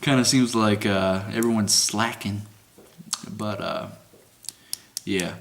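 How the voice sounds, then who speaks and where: A man's voice: lowish voice, fairly even intonation, slow, creaky. Laid-back man ranting outdoors. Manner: casual, profane, laughs while telling work stories. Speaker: security guard at a residential lake. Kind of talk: casual vlog rant. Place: outdoors at dusk.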